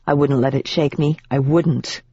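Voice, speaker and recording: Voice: mid-range voice, steady tone, normal speed, dark tone, slightly rough, no room sound. Dry, muffled audiobook narration. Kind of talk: first-person scripted narration of a fantasy novel. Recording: dull, dry audiobook recording.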